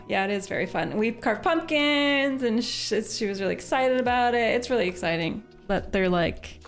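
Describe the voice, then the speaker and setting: A woman's voice: medium pitch, gravelly. A young woman from Canada, a livestreamer and parent, chatting casually with her chat in a rambling way, full of fillers and restarts. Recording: faint music behind voice.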